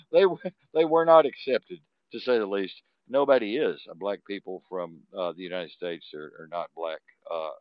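Texan man, very low voice, rambling live-stream host who laughs a lot and keeps saying "you know"; dull, dry lo-fi audio. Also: no echo. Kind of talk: casual rambling monologue.

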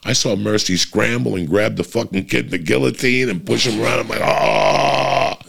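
A middle-aged man telling a long, casual, profane story about his kid. He gets louder and higher when he is worked up. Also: brisk, gravelly, slightly rough.

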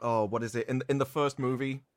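Man, quick talker, mid pitch, critical, analytical, casual chat. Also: fairly even intonation, no echo. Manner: fast-talking, critical, analytical. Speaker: podcast co-host.

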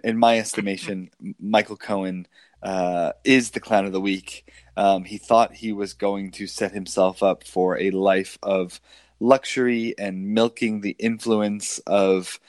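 A man with a low, deep voice talks loosely on a podcast and rambles through fillers while he mocks a political figure. The sound is dry and close, with no room around it. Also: no echo. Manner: mocking, rambling with many fillers. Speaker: podcast co-host. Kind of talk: casual political banter.

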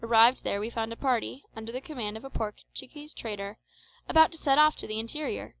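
A woman narrating an adventure novel in a measured, expressive audiobook reading. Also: fairly high pitch, gravelly, muffled recording.

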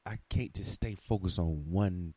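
A man's voice: sits low, measured pace, dark tone, husky, no room sound. Rambling, profane man talking to himself. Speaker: podcaster. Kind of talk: casual rambling monologue while gaming.

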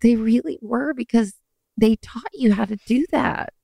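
A woman's voice: on the high side, unhurried, creaky, mellow, no echo, studio quality. A woman co-hosting a podcast in casual chat, effusive and rambling. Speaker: podcast co-host.

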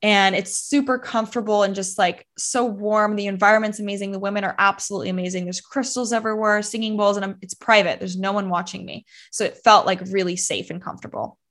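A young woman speaks as a podcast guest, telling a personal story in easy conversational chat. She leans on "like" constantly and slips into voicing her own past thoughts mid-sentence. Her pitch sits in an ordinary middle range. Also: fairly even intonation, a bit bright. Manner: fast, filler-heavy talk with many "like"s, acting out her own past thoughts. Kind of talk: casual storytelling interview.

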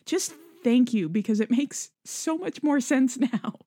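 A woman's voice: on the high side, expressive, measured pace, warm tone, no room sound, clean studio sound. A woman co-hosting a podcast, reading listener emails aloud in casual chat, earnest and laughing easily. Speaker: podcast co-host.

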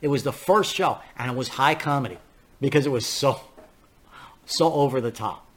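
A man's voice: medium pitch, normal speed. An older male podcast host delivers a blunt, rambling political rant with a mid-range voice. He swears freely and chuckles at his own anecdotes as he goes. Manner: blunt, ranting, profane, laughs at his own stories. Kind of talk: political commentary monologue.

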